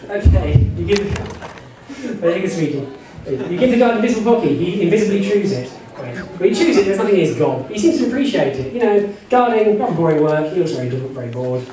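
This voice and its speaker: A man with a high voice narrates a live text-adventure game as game master, joking and rambling with frequent asides. He is recorded from far off in a very echoey hall, with a crowd audible around him. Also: big pitch swings, brisk. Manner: jokey and rambling, full of "you know" asides, laughing often. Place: convention panel room with an audience.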